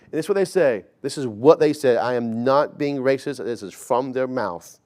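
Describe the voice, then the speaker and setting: A man's voice: medium pitch, normal speed, a little mellow. A man in his forties preaching a sermon in a conversational storytelling way, often stammering and repeating words. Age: 40s. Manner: acts out quoted dialogue in shifting voices.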